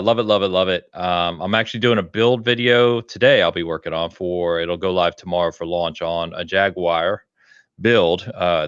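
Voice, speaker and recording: A man co-hosting a gaming podcast in casual chat, enthusiastic and quick to laugh, with plenty of fillers. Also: low voice, fairly bright tone, clean tone, dry recording, lo-fi sound. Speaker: podcast co-host.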